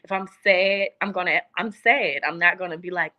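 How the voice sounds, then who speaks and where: A woman's voice: fairly low pitch, moderate pace, few pauses, pushed and bright, lo-fi sound. A young woman in casual conversation, speaking earnestly and from the heart, repeating phrases for emphasis. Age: young adult. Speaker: guest. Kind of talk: casual chat.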